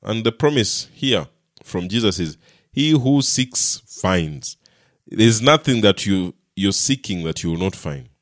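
A man preaching a sermon, building points through repetition and often checking with a quick "yeah?". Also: low-pitched, a bit bright, dry recording, clean studio sound. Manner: repetitive, emphatic, frequent "Yeah?" checks to listeners.

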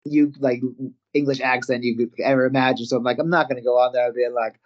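Animated Canadian-raised man telling stories. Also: medium pitch, quick pace, highs cut off. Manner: animated anecdotes, laughs often, acts out quotes. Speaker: guest, professional wrestler and actor. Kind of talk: casual storytelling.

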